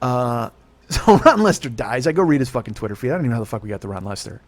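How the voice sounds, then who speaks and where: A middle-aged man hosting a podcast, ranting in a loud, heavily profane comedic style and laughing at his own jokes. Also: mid-range voice, sing-song, very fast, no room sound. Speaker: podcast host.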